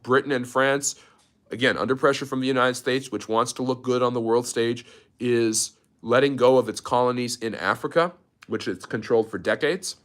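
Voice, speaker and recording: A history teacher, mid-range in pitch and a bit bright, speaks at a moderate pace through an improvised livestream lecture. Fillers and restarts run throughout, and he breaks off periodically to take viewer chat questions.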